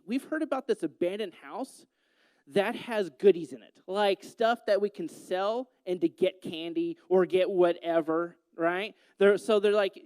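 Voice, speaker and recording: A man's voice: high voice, darkish tone, no room sound. A man giving a talk to a gathering, telling a story in a playful way and teasing his listeners. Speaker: youth speaker.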